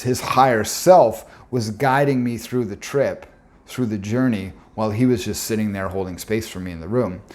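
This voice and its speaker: Man, deeper than most, earnest reflective storyteller presenting a talk, pauses on fillers. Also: a little mellow.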